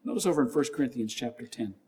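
A man's voice: mid-range voice, expressive, very fast. A male pastor delivering a sermon in an earnest way, often repeating key lines and scripture references. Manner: acts out shouting gym trainers with a louder voice.

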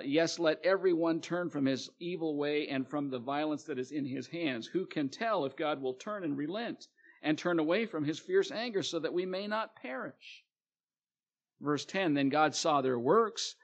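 A man's voice: a little high, muffled recording. A male preacher reading scripture aloud and explaining it in a plain sermon, with fillers and restarts.

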